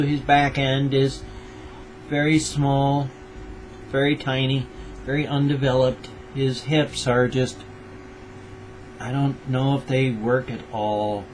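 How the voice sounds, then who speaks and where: A man's voice: a little high, slight background noise. An older American man rambling in a casual daily vlog, tender and repetitive as he talks about his pets. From United States. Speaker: vlogger.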